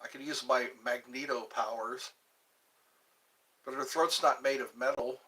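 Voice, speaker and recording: The recording is rough, but the Georgia livestream host comes through at a measured pace, his medium-pitched voice pushed and bright with fairly even intonation. He chats in a meandering way, hopping between subjects and attempting phrases in other languages.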